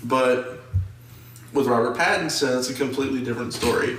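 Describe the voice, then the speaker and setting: A man's voice: medium pitch, fairly quick. Young guy rambling about movies, echoey room, mic kinda far off. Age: young adult. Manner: rambling, animated, mocks actors' accents. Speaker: podcast co-host. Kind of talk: casual movie review chat. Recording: echoey room, distant mic, faint noise.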